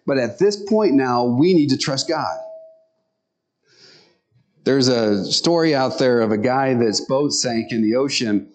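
A man preaching a sermon in an earnest, conversational way, often speeding up and slowing down. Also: mid-range voice, lively intonation, darkish tone. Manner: tells stories and acts out quotes.

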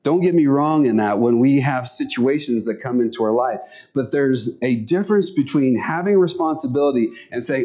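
A man preaching a sermon in an earnest, conversational way, often speeding up and slowing down. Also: mid-range voice, a little mellow. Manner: tells stories and acts out quotes.

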